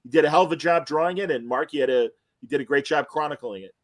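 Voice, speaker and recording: A man with a slightly high voice hosts a podcast in a casual, chatty style. He tells his stories with animation and feeling, warm and personal in delivery. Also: fast talker. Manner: animated, emotional storytelling. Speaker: podcast host interviewing comic creators. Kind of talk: casual chat.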